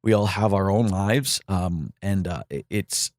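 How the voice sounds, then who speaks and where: A man hosting a podcast, speaking from the heart in a halting, grieving monologue full of fillers and restarts. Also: sits low, darkish tone, no room sound, clean studio sound. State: grieving, voice catching. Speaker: podcast host.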